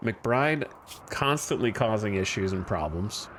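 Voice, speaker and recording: A man's voice: lowish voice, animated, a little slow, a little hiss or hum. Wry man chatting over a game. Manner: wry, rambling, self-deprecating. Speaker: streamer. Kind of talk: casual gameplay commentary.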